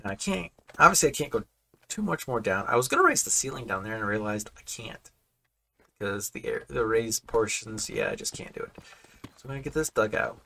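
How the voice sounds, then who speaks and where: A Minecraft building creator in a home room chats casually while building, rambling and correcting himself as he goes. His voice is on the low side, animated and brisk, with vocal fry and a sharp tone over slight background noise.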